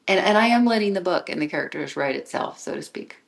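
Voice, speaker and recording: Her voice is lowish with vocal fry, and she talks fast through a reflective solo episode of her own podcast, musing, sometimes dropping to a soft whisper, and restarting often when she gets excited. She's a podcast host and author, and the recording is rough.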